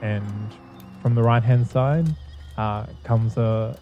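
A man narrating a tabletop game as game master, relaxed and descriptive. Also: mid-range voice, slow, highs cut off, soft background music.

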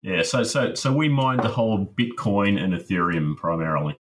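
Deep-voiced man explaining calmly. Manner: measured, explanatory, many ums. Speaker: guest, crypto miner. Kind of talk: interview answers.

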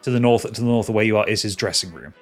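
A man's voice: on the low side, soft background music. A man narrating as game master of a tabletop game, stumbling over restarts as he describes scenes. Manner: halting, many restarts and fillers.

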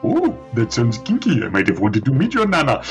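A man's voice: mid-range voice, huge pitch swings, fairly quick, soft background music, poor audio. A man playing a tabletop game in character, making dry, teasing jokes. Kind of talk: in-character tabletop role-play.

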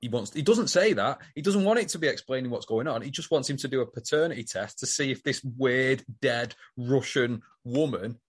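A man's voice: medium pitch, lively intonation, fairly quick, hardly any pauses, slightly rough. A man co-hosting a casual podcast, teasing the others and correcting the details of the plot. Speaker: podcast co-host. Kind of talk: casual chat.

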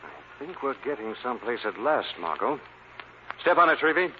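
An actor playing a determined crime-fighter, clipped and commanding, in a 1940s radio drama. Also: male voice, mid-range voice, sing-song, moderate pace, a little hiss or hum. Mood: urgent. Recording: tinny old radio recording.

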